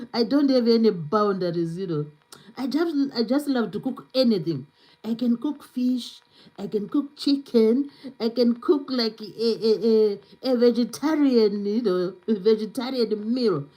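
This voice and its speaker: Lady chatting on her livestream, accent, warm mellow tone, lots of "you know". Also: on the high side, low-quality recording. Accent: non-native English accent. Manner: chatty, many fillers, reads viewer comments aloud. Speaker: livestream host. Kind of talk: casual live-stream chat.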